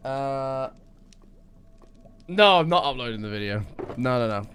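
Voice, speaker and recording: A young man chatting with his stream audience in an excitable, casual way, his voice worn and strained. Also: mid-range voice, measured pace, smooth, faint music behind. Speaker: livestreamer.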